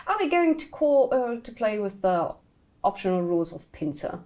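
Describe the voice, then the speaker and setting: A woman narrating a tabletop game as game master, animated and laughing often, sometimes restarting words. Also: medium pitch, moderate pace.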